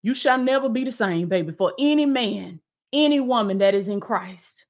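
A woman's voice: a little high, lively intonation, moderate pace. Exuberant preacher woman streaming live. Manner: exuberant, repeats lines, calls viewers "baby". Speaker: life coach and preacher.

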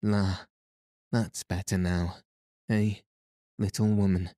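A man's voice: low-pitched, little pitch movement, slow pace, warm tone, no echo, studio quality. A man voicing a foppish aristocratic husband with a sleepy, affected drawl, in a storybook reading. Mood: good-humoured.

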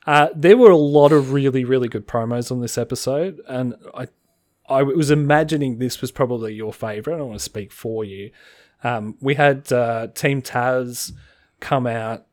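A man co-hosting a podcast in casual chat, rambling quickly and laughing often. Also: mid-range voice, darkish tone, dry recording, studio quality. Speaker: podcast co-host.

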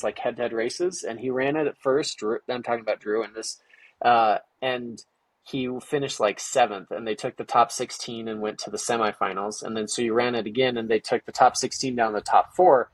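A man's voice: mid-range voice, steady tone, normal speed, no room sound. A middle-aged man, a guest on an interview show, telling a story casually and animatedly, acting out quotes, with many fillers. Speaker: guest, entrepreneur and parent.

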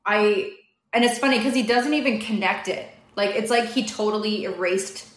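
Young woman, mid-pitched, a chatty guest who tells a story quickly with lots of "like" fillers. The room is echoey. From Canada. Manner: fast, animated, many "like" fillers. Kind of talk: casual storytelling.

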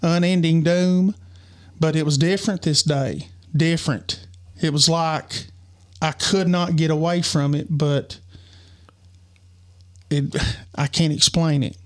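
Podcast co-host: man, slightly high voice, earnest and halting storyteller. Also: steady tone. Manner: earnest, halting, many restarts. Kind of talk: personal storytelling.

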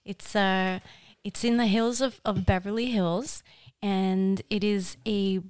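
A woman's voice: medium pitch, steady tone, slow, darkish tone, smooth, no room sound, studio quality. A woman co-hosting a podcast, curious and asking lots of questions. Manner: curious, asks many questions. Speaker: podcast co-host. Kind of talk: casual chat.

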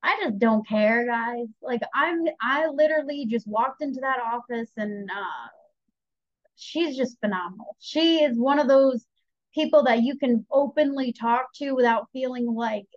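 Podcast guest: young woman, lively storyteller, slightly dull lo-fi audio. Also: fairly high pitch, normal speed, no echo. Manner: chatty, animated, quotes herself and others. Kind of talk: candid personal storytelling.

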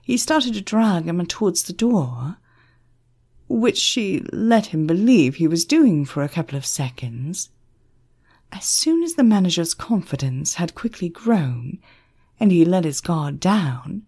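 A woman narrates an audiobook at an unhurried pace, her low voice breathy and husky. Her pitch moves a lot as she tells the scene. She reads in a lively storytelling manner. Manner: slow, expressive storytelling.

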